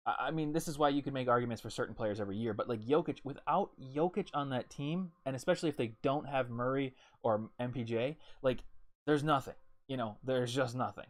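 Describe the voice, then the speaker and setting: Man, mid pitch, casual, lots of "like" and "um", opinionated. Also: fairly quick. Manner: hesitant, filler-heavy, opinionated. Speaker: podcast co-host. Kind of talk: casual sports talk.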